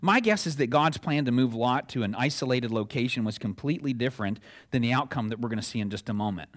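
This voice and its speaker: Middle-aged male pastor, relaxed conversational sermon delivery with playful acted-out exchanges. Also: mid-range voice, quick pace. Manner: conversational, chuckling asides, acts out dialogue.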